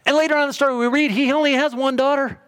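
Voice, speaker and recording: A man's voice: very high voice, fairly even intonation, rapid-fire, a bit bright. A middle-aged man preaching a sermon in a conversational storytelling way, briefly acting out quotes. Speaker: pastor.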